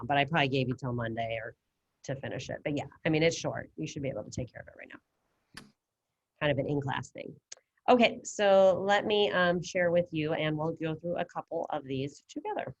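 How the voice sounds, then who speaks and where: Low-voiced woman teaching class online. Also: lively intonation, a little fast, highs cut off. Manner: casual, encouraging, talks students through steps. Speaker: Spanish teacher.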